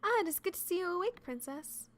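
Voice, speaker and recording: A woman voicing a gentle, kind fairy. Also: very high-pitched, expressive, fast talker, pitched above the performer's own voice.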